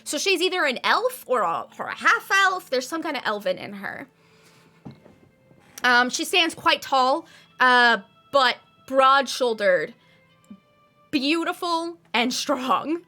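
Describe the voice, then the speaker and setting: A woman narrating as game master of a tabletop game, unhurried and laughing often. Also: high-pitched, expressive, bright, forceful tone, soft background music.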